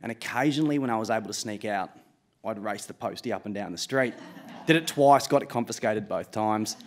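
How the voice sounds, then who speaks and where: A man's voice: on the low side, brisk. A man in his late twenties with an Australian accent, telling a true story live on stage in a casual, self-mocking way, with swearing and laughs.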